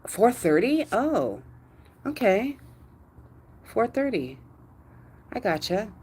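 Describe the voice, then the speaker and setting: At night in her yard, a woman live streams on a phone mic, chatting casually with viewers and cooing at her dog in a high sing-song voice. She's very animated yet slow, with a husky, darkish tone.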